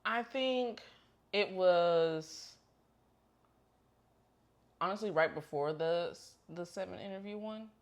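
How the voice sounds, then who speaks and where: A woman co-hosting a podcast, telling a candid, animated story about her faith in casual chat. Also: fairly low pitch, takes it slowly, long pauses. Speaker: podcast co-host.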